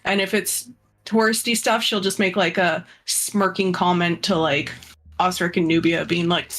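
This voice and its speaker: A woman's voice: on the low side, steady tone, normal speed. A woman playing in a tabletop game, chatty and casual, filling her talk with "like". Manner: chatty, lots of "like", laughs often. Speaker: player.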